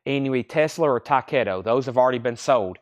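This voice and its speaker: Chatty man calling out record prices. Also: mid-range voice. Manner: chatty, rambles between quick price call-outs. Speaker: record store host running a live sale. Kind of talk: casual livestream sales patter.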